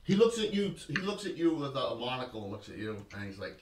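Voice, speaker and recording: A man's voice: medium pitch, big pitch swings, fast talker, slight background noise. A man narrating as game master of a tabletop game, loose and joking, with frequent restarts.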